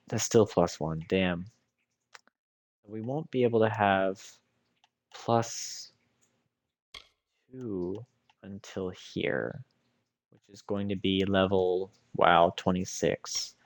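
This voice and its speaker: Tired guy with a lowish voice thinking out loud while streaming a game. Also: takes it slowly, pauses often. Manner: musing aloud, thinking through choices. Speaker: let's play streamer. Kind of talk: casual gameplay commentary.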